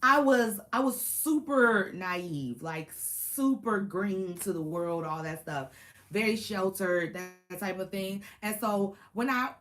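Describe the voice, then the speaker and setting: A woman, chatting casually to camera about her Marine days, animated and full of slang and laughter. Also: mid-range voice, slow, soft background music. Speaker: Marine veteran vlogger.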